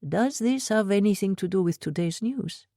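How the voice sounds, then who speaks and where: A woman voicing a middle-aged male shop owner who speaks in quick bursts with a heavy accent and stilted phrasing, in an audiobook. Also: medium pitch, lively intonation, mellow, dry recording, studio quality, voice pushed up, close to an everyday voice. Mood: brisk concern. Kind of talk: audiobook character voice.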